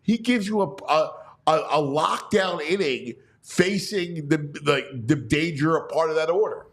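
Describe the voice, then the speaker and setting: A man's voice: on the high side, a little slow, a bit bright. A man hosting a sports talk show, chatting casually and animatedly, often restarting his sentences and leaning on "you know". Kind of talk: casual sports radio chat.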